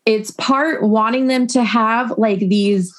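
A woman's voice: on the high side, fairly even intonation, slow pace. A young adult woman guest on a podcast, chatting and telling stories with frequent laughs. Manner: chatty storyteller, laughs often. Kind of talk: casual chat.

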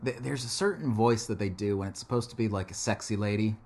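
A man's voice: lowish voice, quick pace, a little mellow. A man in casual chat, rambling and joking, swearing now and then as he talks through a film.

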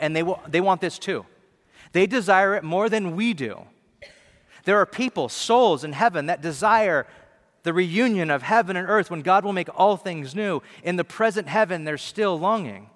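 A man preaching a sermon in a loose, animated way, with slangy asides and playful acted-out voices. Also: on the high side. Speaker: pastor. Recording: long reverb of a large hall.

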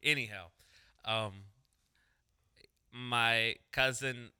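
A young man with a very bright, smooth and clear voice, chatting on a podcast. He tells crude stories and swears freely. He slips into voices to imitate the people he talks about. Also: medium pitch, fairly even intonation, extremely slow. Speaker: podcast co-host. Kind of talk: casual storytelling chat.

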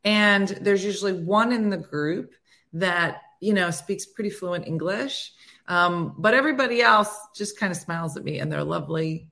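A woman's voice: lowish voice, normal speed, creaky, a bit bright. A woman hosting an online morning show, chatting casually and poking fun at herself. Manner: chatty, self-mocking, laughs at herself. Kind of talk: casual chat.

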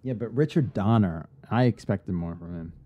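A man co-hosting a podcast in casual chat, getting animated and swearing freely as he rants. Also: fairly low pitch, moderate pace, dull audio. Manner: animated, profane ranting. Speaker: podcast co-host.

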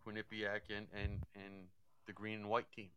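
A man's voice: on the low side, monotone, moderate pace, a bit bright, slight background noise. A man giving casual hockey analysis, thinking aloud and often repeating words as he goes. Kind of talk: casual sports talk.

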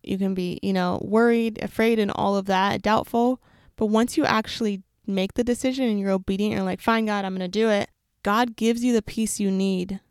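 Young woman telling her faith story, earnest, bit of vocal fry, dry close sound. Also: medium pitch, steady tone, darkish tone, no room sound. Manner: earnest and reflective, with quick runs of words. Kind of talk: personal faith testimony, casual.

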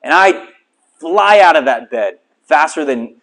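A middle-aged man preaching a sermon, telling a story with lively, self-mocking humor to a small congregation. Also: on the high side, measured pace. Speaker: pastor.

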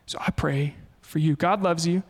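A male pastor preaching a sermon in an animated way, often slipping into quoted voices. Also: fairly high pitch, normal speed, in a large hall.

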